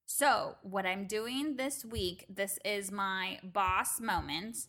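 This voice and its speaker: Chatty swearing woman, bright voice. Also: mid-range voice, slow pace. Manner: chatty, swears freely, acts out quotes. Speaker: podcast co-host. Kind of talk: casual chat.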